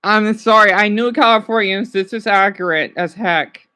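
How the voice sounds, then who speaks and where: American woman streamer, mid-pitched, casual reaction chat, excitable and rambling. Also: normal speed, clear, resonant tone. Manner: rambling, excitable, chatty with viewers.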